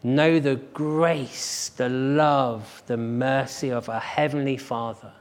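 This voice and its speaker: A man's voice: medium pitch, steady tone, slow. A man preaching a sermon as pastor at a church service, earnest and emphatic, driving his points home with repeated phrases.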